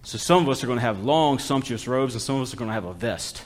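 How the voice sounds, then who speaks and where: A man's voice: medium pitch, lively intonation, fast. A man preaching a sermon as a missionary, folksy and exhortative, calling out to the congregation for responses.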